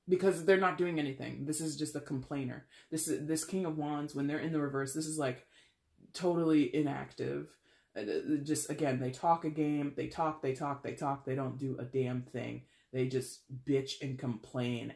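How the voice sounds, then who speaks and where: A man's voice: on the high side, steady tone, normal speed, gravelly, darkish tone. A man giving a casual tarot reading, talking in a chatty, blunt, wry way with lots of fillers. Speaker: tarot reader. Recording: roomy echo.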